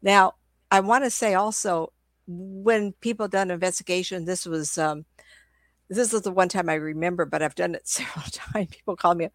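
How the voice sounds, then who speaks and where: A psychic medium guest, an older woman whose throat is sore, tells loose conversational stories with many restarts. She speaks in a lowish voice at a moderate pace, recorded cleanly in a studio with no echo.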